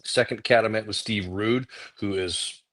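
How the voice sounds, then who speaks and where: A man's voice: lowish voice, unhurried. A middle-aged man, a guest comic artist, telling casual stories on a livecast and acting out quoted voices. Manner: animated anecdotes, acting out quotes.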